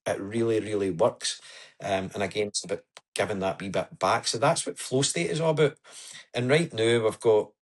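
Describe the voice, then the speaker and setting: A man's voice: fairly low pitch, moderate pace. A man as a podcast guest, telling his story in an earnest, chatty way. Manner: earnest, storytelling, says "aye" and "wee" often. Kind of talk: casual interview chat.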